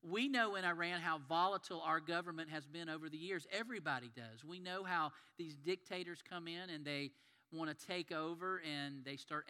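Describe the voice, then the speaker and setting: A man's voice: on the high side, sharp tone, clean tone. A man preaching a sermon in an earnest, conversational storytelling manner. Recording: long hall reverb.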